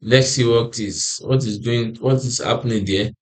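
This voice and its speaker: Tired guy yawning thru a trading chart lesson, mid pitch, repeats himself a lot, asks "what?" then answers it. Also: moderate pace. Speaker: forex trading analyst. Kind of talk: screen-share chart walkthrough.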